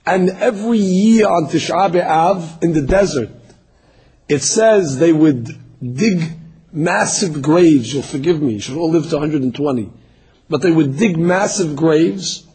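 A man's voice: animated, unhurried, darkish tone, breathy edge, low-quality recording. A man giving a Torah class in a synagogue, telling the story with dramatic voiced quotes. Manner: storytelling, acting out quotes with rising pitch. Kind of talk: sermon-style Torah lecture.

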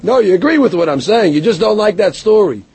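Husky rabbi guy giving a torah class, voice a bit high, tells stories and breaks down hebrew verses. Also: expressive, fairly quick, a little mellow. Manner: storytelling, quotes Hebrew verses then explains them; answers a heckler, self-deprecating.

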